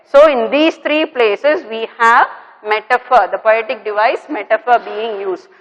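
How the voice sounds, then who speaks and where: A middle-aged woman teacher with a fairly high voice explains a poem to her students. She repeats her points and keeps checking in with "okay". Her voice rings with a long reverb. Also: unhurried, lo-fi sound. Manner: repetitive, checking with "okay" and "clear?". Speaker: English teacher. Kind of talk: classroom lesson explaining a poem.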